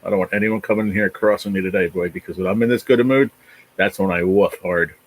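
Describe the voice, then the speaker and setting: In a rough recording, a fast-talking man with a low, steady voice runs a livestream. He's a New Jersey host in his forties, rambling and swearing as he chats casually and reads comments from viewers.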